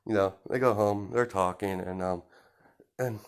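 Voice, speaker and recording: A man's voice: fairly low pitch, steady tone, moderate pace, clear, resonant tone. A man telling an improvised story in a casual, rambling way, full of fillers and restarts. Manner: rambling, many fillers and restarts, laughs at himself.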